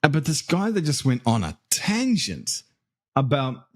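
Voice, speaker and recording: A man's voice: on the high side, big pitch swings, a little slow. A man with a New Zealand accent, a podcast guest chatting casually and laughing at himself. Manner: laughing, self-mocking, loose and chatty. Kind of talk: casual chat.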